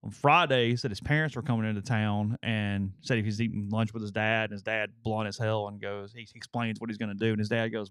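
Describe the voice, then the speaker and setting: A man co-hosting a sports talk show, reading ads and telling a rambling, animated story in casual chat. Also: lowish voice, fast talker, few pauses, clean tone, no echo, studio quality. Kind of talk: casual chat and live ad reads.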